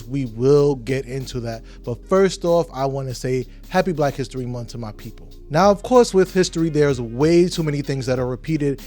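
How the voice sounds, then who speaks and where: A man's voice: on the high side, darkish tone. A man hosting a podcast, delivering an emphatic, profane, heated opinion rant. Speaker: podcast host.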